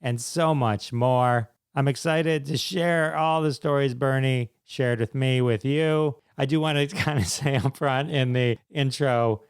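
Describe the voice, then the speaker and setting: A man's voice: mid-range voice, measured pace, few pauses, clean tone, no room sound, clean studio sound. A man hosting a podcast, introducing his guest with upbeat enthusiasm and chatting with him. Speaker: podcast host.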